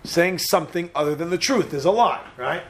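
A man's voice: fairly high pitch, lively intonation, fairly quick, a bit bright. A middle-aged man lecturing a live audience, telling personal stories, joking and putting questions to the listeners. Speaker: speaker addressing an audience.

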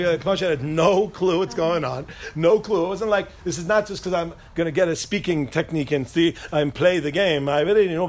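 A man's voice: high-pitched, fairly bright tone. A man giving an informal Torah talk to a group, rambling, interrupting himself and cracking jokes. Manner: rambling, self-interrupting, joking. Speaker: Torah teacher speaking to a group.

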